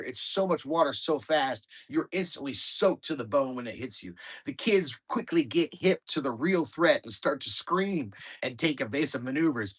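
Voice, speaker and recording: A man reading aloud from his own memoir with a wry, lively delivery that picks up speed at exciting moments. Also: mid-range voice. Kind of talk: storytelling book reading.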